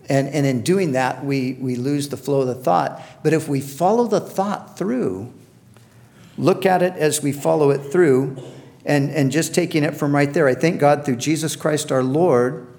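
A man preaching a sermon, earnest and emphatic, slowing down to quote scripture and often repeating words as he restarts. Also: a little high, darkish tone. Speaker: pastor.

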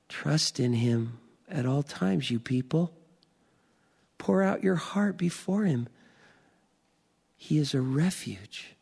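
A pastor preaching a sermon, slow and emphatic, building to rising declarations. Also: male voice, a little high, animated, gravelly, a little mellow, breathy edge, big-room sound.

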